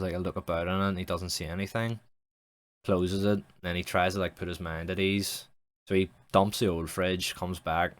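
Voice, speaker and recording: Young man, deep voice, rambling profane improv storyteller, streamer. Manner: rambling, profane, many restarts.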